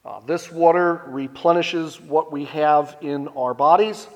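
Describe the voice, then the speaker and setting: A man giving a sermon, retelling a scripture story in a relaxed, conversational way. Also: on the high side, measured pace, big-room sound. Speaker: preacher.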